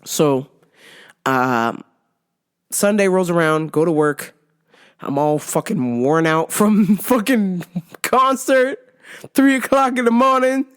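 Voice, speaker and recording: A woman host telling a story in a profane, animated rant and laughing often. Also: mid-range voice. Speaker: podcast host.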